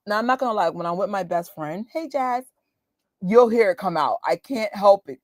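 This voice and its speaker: Hosting a movie watch party, a New York woman with a New York accent chats and laughs with live viewers, quoting voices along the way. She speaks at normal speed in a medium-pitched, darkish voice with lively intonation; the studio-quality audio has no room sound.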